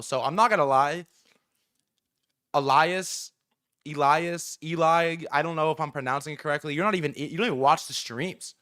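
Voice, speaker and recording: A man hosting a casual livestream from outdoors, excitable and profane, rambling with many restarts. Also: on the high side, moderate pace. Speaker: livestream host. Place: outdoors in New York City.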